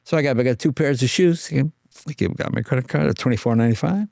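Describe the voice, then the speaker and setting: A man's voice: mid-range voice, quick pace, creaky, darkish tone, no room sound, studio quality. An older man telling anecdotes in a casual interview, slipping into voices for the people in his stories, with stammers and restarts. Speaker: guest.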